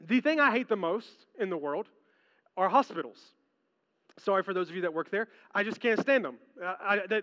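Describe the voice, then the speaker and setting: A male pastor preaching a sermon in a large hall, telling stories animatedly and swinging from hushed tones to excited ones. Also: sits high. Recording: reverberant hall, dull lo-fi sound.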